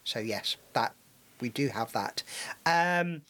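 A man's voice: mid-range voice, animated, takes it slowly, pushed and bright. Hesitant man hosting a discussion. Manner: hesitant, many fillers and restarts. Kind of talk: casual discussion.

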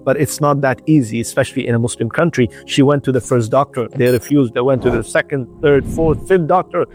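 A man giving an earnest radio sermon, telling a moral story in short, deliberate phrases with slightly non-native English. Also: mid-range voice, a little mellow, faint music behind. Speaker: radio preacher.

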